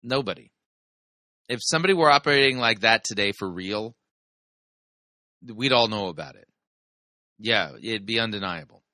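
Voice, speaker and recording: Male host, low and very lively voice, bright tone, sarcastic sermon critic. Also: normal speed, long pauses, dry recording, studio quality. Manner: sarcastic, mocking. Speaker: podcast host reviewing a sermon. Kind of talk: commentary.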